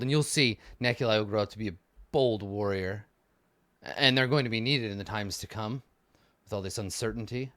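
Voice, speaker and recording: A man's voice: on the low side, a bit bright, no echo, natural voice. A man playing a boastful noble warrior uncle. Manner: boastful, scornful of cowards.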